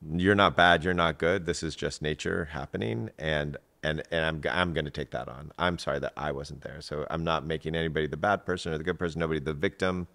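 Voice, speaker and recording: Very deep gravelly-voiced man. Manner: animated, acts out voices in anecdotes with big pitch jumps. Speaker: executive coach, guest. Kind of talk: conversational storytelling.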